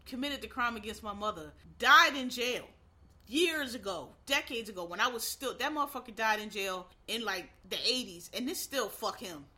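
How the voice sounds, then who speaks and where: A woman's voice: a little high, animated, moderate pace, bright, forceful tone. A woman from Philadelphia, ranting in a blunt, profane, heated way in casual commentary.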